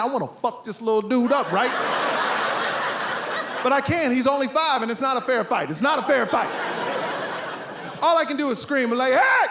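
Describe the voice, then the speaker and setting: A man in his forties performing a stand-up comedy set, telling stories with loud, animated punchlines. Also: high-pitched. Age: 40s. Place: stage before a live audience. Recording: live stand-up recording with audience noise.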